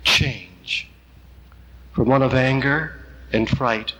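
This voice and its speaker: A man delivers a sermon at an unhurried, deliberate pace, his voice a little husky. He tells a story gently, leaving long pauses between phrases. The sound carries a long reverb, as in a church. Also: mid-range voice. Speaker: priest.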